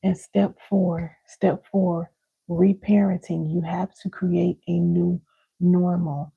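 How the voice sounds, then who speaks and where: A woman's voice: fairly low pitch, level tone, slow pace, gravelly, slightly rough, lo-fi sound. A woman giving a live parenting and healing teaching, emphatic, repeating key lines and calling listeners baby and y'all.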